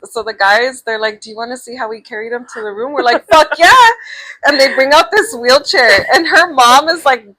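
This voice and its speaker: Young woman cohost, bright and kinda high voice, chatty, lots of "like". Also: brisk, few pauses, dry recording, poor audio. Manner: chatty, quotes others in Spanish, frequent "like". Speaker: podcast co-host. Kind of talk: casual chat.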